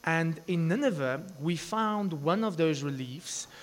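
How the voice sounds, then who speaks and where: A man with a slightly high voice delivers a sermon in a storytelling way, breaking into quick asides and restarting his sentences. His voice rings with the long reverb of a large hall. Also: expressive, a little hiss or hum. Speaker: preacher.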